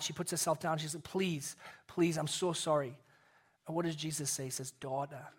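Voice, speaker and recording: A male pastor with young kids preaching a sermon, earnest and dropping to a soft hush to make a point. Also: high-pitched, slightly rough.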